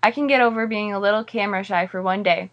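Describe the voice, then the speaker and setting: A woman's voice: medium pitch, quick pace, lo-fi sound, close to an everyday voice. A woman reading the part of a playful, jokey father who wants to be the fun parent. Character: goofy, eager-to-please dad.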